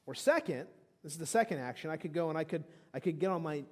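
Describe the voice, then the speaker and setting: A man's voice: a little high, expressive, fast. A man in his thirties preaching a sermon as pastor, emphatic, with frequent restarts. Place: church sanctuary. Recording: long hall reverb.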